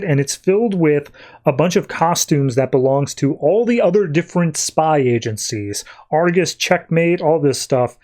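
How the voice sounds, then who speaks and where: A man's voice: mid-range voice, darkish tone. A man hosting a podcast, recapping a comic in a loose, rambling way with many fillers and restarts. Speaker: podcast host. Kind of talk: casual comic-book recap.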